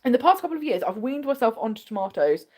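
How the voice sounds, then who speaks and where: A woman's voice: on the high side, sing-song, quick pace, warm tone. An English woman hosting a casual livestream, chatting in a bubbly way and answering viewer comments. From England. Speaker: host.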